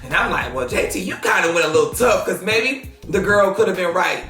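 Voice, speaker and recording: A man hosting celebrity gossip commentary, sassy and animated, breaking into shouts and laughter. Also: high voice, brisk. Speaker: host of a celebrity gossip show. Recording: roomy echo, faint music behind.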